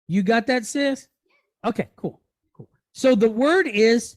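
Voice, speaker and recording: A woman's voice: on the high side, animated, a little slow. A woman teaching a language lesson to a class, patiently spelling out sounds and quizzing her students with frequent "right?" checks. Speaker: Hebrew teacher.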